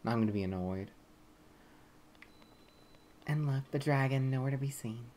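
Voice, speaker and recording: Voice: mid-range voice, moderate pace, darkish tone, a little hiss or hum. A let's play gamer giving casual gameplay commentary, swearing often and muttering irritably at the game.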